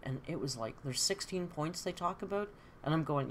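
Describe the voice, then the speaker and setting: A woman's voice: low voice, expressive, moderate pace, a little hiss or hum. Candid middle-aged woman chatting on a stream. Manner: candid and chatty, reading out chat comments. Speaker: live stream host. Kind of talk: casual live-stream chat.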